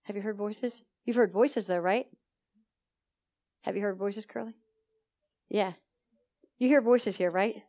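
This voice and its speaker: Animated woman preacher questioning her congregation. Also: medium pitch, measured pace, long pauses. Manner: animated and conversational, often asks the audience questions. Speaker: pastor teaching a congregation. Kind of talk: sermon. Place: church service.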